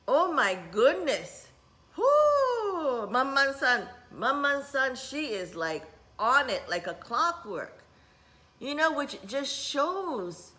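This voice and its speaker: Middle-aged woman workshop teacher, casual vlog, unhurried and rambling, Japanese words scattered in. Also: sits high. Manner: rambling, warm-hearted, mixes in Japanese words.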